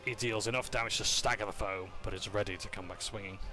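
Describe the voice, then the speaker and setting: Casual male game recapper, lower voice with a bright edge, faint music underneath. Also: steady tone, quick pace. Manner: casual, with fillers, jokes and self-corrections. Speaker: player recapping a session.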